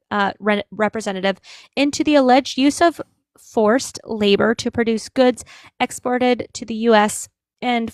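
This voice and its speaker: A woman's voice: fairly high pitch, vocal fry, dry recording, studio quality. A woman hosting a live stream, chatting casually and reading a news article aloud with fillers and restarts. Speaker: livestream host.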